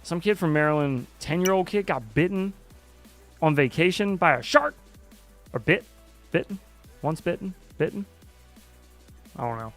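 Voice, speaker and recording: A man's voice: on the high side, expressive, moderate pace, fairly bright tone, soft background music. Rambling, foul-mouthed man hosting a stream. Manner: rambling and loose, swearing often. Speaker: livestream host. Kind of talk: casual chat while flying a drone simulator.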